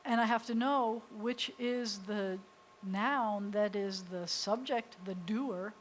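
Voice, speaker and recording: This is a live beginners' Hebrew lesson in a synagogue classroom, led by a woman rabbi from the United States who sounds out letters and explains each step patiently. Her medium-pitched voice moves slowly, and the poor audio carries slight background noise.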